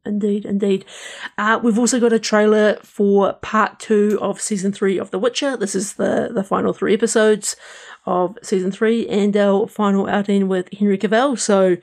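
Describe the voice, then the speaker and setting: A man's voice: high voice, little pitch movement, normal speed, creaky. A man co-hosting a casual entertainment podcast, rambling easily with fillers and restarts. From New Zealand. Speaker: podcast co-host. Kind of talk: casual chat.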